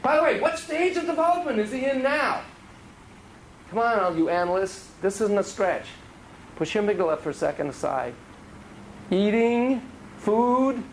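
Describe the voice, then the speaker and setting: A man's voice: high-pitched, lively intonation, brisk, slight background noise, low-quality recording. A man giving a casual, joking lecture on child psychotherapy to a class, acting out dialogue in different voices.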